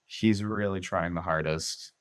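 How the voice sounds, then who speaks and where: A man co-hosting a casual movie podcast who reacts fast and laughs often. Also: low-pitched, steady tone. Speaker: podcast co-host.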